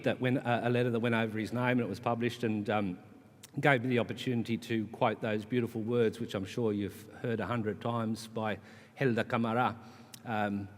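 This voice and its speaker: A man, a charity leader, giving an impassioned conference speech with rhetorical repetition and wry asides. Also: mid-range voice. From Australia. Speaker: charity CEO, conference speaker. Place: conference hall. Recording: long hall reverb.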